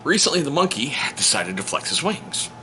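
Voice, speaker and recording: Playful dad vlogger, a man with a bright, lively voice telling stories at home over a soft heater drone. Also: mid-range voice, a little fast, a little hiss or hum. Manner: joking, animated, playful. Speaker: vlogger and stepfather. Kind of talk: casual storytelling to camera. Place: home on a cold day. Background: heater running.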